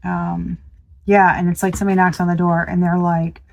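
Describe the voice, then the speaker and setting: A woman's voice: on the low side, little pitch movement, brisk, creaky, rough recording. A woman giving a casual tarot reading to her viewers, chatty and exclamatory, swearing freely and thinking aloud with restarts. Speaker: tarot reader.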